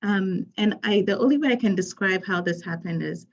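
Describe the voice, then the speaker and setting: A woman's voice: medium pitch, moderate pace, highs cut off. Earnest woman from Ghana, panel talk. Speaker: physician panelist.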